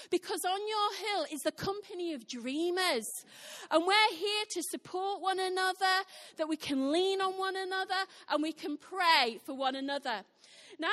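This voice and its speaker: A woman's voice: high voice, a bit bright. A woman preaching a sermon in a church hall, emphatic and fond of repeating her exhortations. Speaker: church speaker.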